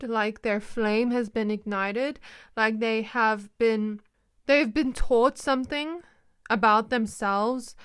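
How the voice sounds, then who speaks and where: A woman with a fairly high voice gives a casual tarot reading. Her tone is smooth and clear as she rambles and acts out small scenes for the viewer. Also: fairly bright tone. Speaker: tarot reader. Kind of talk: casual spiritual reading to camera.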